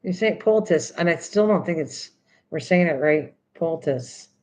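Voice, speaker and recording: A woman's voice: fairly low pitch, normal speed, a little mellow, low-quality recording. An older woman hosting a craft video, chatting casually and teasingly, repeating words over and over while she works.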